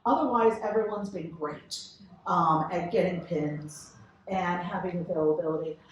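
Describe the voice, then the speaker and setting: A woman's voice: lowish voice, normal speed, muffled recording, a little hiss or hum. A woman from Texas, telling stories as a panelist at a convention panel, chatty and giggly. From Texas, United States. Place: large convention hall. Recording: echoey hall from far off.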